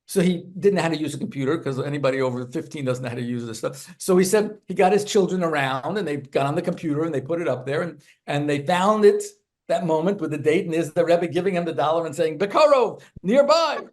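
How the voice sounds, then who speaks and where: A man who is a rabbi and author, telling lively anecdotes as an interview guest and acting out the people in his stories. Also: fairly high pitch, fast. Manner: animated, acts out characters in his stories.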